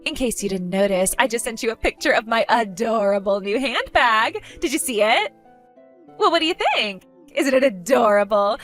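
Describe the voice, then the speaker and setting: A woman's voice: on the high side, lively intonation, normal speed, fairly bright tone, soft background music. A woman voicing a spoiled, vain young woman who gloats, insults and giggles in a text-story skit. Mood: demanding.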